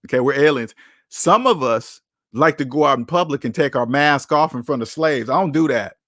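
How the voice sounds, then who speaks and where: A man's voice: medium pitch, moderate pace, fairly bright tone, no echo, clean studio sound. A man hosting a personal finance livestream who talks bluntly to his chat, lectures like a preacher and repeats his key phrases for emphasis. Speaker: personal finance channel host. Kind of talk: livestream talk answering chat.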